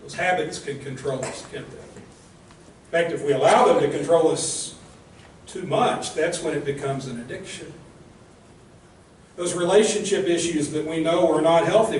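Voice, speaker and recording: Male minister, earnest and direct sermon delivery, slightly high voice, heavy room echo, mic a bit distant. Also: moderate pace, slight background noise. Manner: earnest, direct, asks rhetorical questions. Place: church sanctuary.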